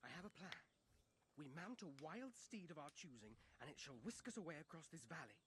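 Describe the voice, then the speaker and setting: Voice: mid-range voice, big pitch swings, brisk, close to an everyday voice. Pompous cartoon schemer with a posh British accent, voiced by an actor; grand, sing-song delivery over faint hiss. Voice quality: grand, old-fashioned phrasing. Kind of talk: cartoon voice acting.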